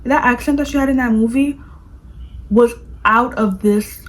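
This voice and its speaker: Woman vlogger gushing in casual chat, kinda high voice, like every other word. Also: normal speed, rough recording. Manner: gushing, animated, fills speech with "like". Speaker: vlogger reviewing a movie.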